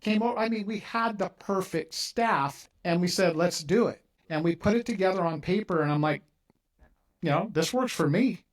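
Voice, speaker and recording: Animated middle-aged male podcast host. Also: sits high, moderate pace. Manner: animated storyteller, acts out quoted dialogue. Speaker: podcast host, mortgage company owner. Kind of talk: casual interview storytelling.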